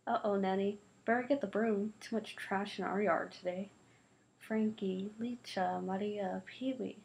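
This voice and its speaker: Female reader for storybook narration; lively delivery with voiced dialogue. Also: medium pitch, a little slow, creaky, low-quality recording. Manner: lively, shifts voices for the children's quarrel. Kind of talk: reading a novel aloud.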